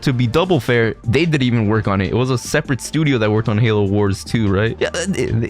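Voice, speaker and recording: A man's voice: medium pitch, expressive, a little fast, few pauses, soft background music. A man hosting a reaction video, talking casually with rambling asides, laughter and self-interruptions. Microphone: desk mic, no webcam.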